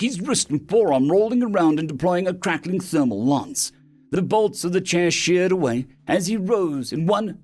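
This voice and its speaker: A man narrating science fiction stories as an audiobook reader, animated and putting on voices for the characters. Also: a little high. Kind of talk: scripted narration of sci-fi stories.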